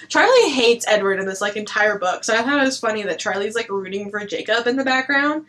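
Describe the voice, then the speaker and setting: A woman's voice: a little high, expressive, brisk, few pauses, fairly bright tone, low-quality recording. A woman chatting casually through a book review, blunt and chatty, swearing now and then and saying "like" a lot.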